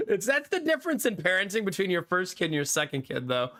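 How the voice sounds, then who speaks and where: This thirty-something gamer has a high, sharp-toned voice. He chats casually with viewers as he plays, reading the live chat. He laughs often and swears without restraint.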